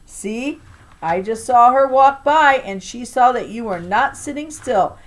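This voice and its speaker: Woman voicing a loud, scolding old grandma. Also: fairly high pitch, expressive, unhurried, voice pushed up. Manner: loud, sing-song scolding. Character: harsh, taunting old grandmother.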